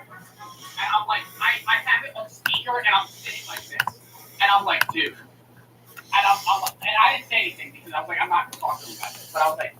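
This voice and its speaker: A man's voice: high-pitched, fairly quick. A man streamer in a casual, heated rant, swearing and acting out both sides of a phone call. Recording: echoey room mic from a distance with noise.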